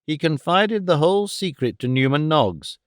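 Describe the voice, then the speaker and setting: A man narrating a classic novel in a measured, expressive audiobook reading. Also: fairly high pitch, no echo, studio quality.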